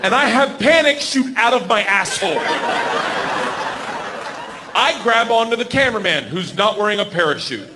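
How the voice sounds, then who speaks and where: A man in his forties doing a stand-up comedy set, loud and laughing as he shouts punchlines. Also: sits high, expressive, normal speed, long pauses. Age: 40s. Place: comedy stage before audience. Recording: live club with crowd noise.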